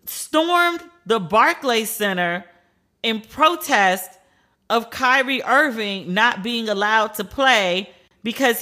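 A woman's voice: on the high side, pushed and bright. A woman hosting a podcast, giving blunt, profane and incredulous casual commentary on TV shows and the news.

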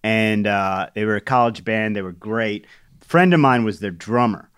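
A man's voice: on the low side, moderate pace, fairly bright tone, clear, resonant tone, no room sound, studio quality. A man co-hosting a casual podcast chat about crossword puzzles, telling anecdotes and laughing often. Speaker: podcast co-host.

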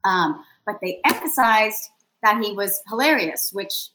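A woman telling a lively, self-deprecating story in a casual podcast chat. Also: mid-range voice, unhurried, slight background noise, low-quality recording. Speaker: sideline reporter guest.

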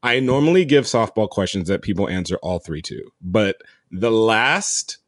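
A man's voice: on the low side, expressive, moderate pace, no room sound, clean studio sound. A man hosting a casual podcast who teases his guest and laughs often. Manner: playful, laughs often, teasing. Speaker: podcast host.

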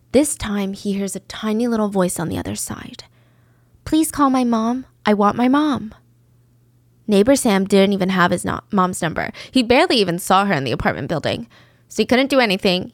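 A woman's voice: medium pitch, no echo, studio quality. A woman narrating a true crime story in a casual, chatty way, with conversational asides.

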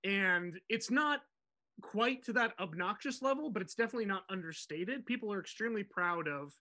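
A man hosting a podcast, telling a music story in an animated, digressive way. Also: high-pitched. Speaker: podcast host.

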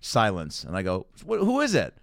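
A man's voice: on the low side, wildly swooping pitch, moderate pace, vocal fry, a bit bright. A man guesting on a comedy podcast, telling rambling stand-up anecdotes with quoted asides. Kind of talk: casual chat, comic storytelling.

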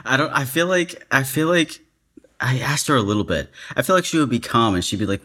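A man's voice: medium pitch, big pitch swings, a little fast, bright, forceful tone. A man chatting as a podcast guest, hesitant and often laughing. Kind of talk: casual podcast chat.

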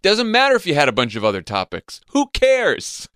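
A man hosting a political podcast in casual chat, wry, animated and swearing. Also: on the high side, moderate pace, clear, resonant tone, dry recording, clean studio sound. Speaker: podcast host.

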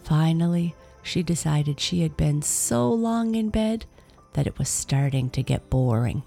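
A woman narrating a children's storybook in a slow, soft-spoken manner that sinks to whispers. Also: low-pitched, lively intonation, creaky, soft background music.

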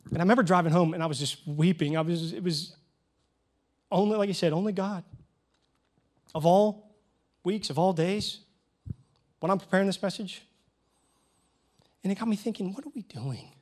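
Male youth pastor, slightly high voice, heartfelt sermon delivery that swells loud at key points. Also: normal speed, long pauses. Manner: earnest, emotional storytelling with sudden loud rises. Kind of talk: preaching a sermon.

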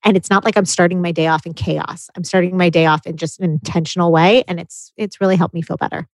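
A woman in her thirties with a somewhat low voice talks earnestly and reflectively as a podcast co-host. The recording is close and dry, with no room sound. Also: steady tone, quick pace, no room sound, rough recording. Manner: earnest, reflective, speaks of parenting. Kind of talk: casual podcast chat.

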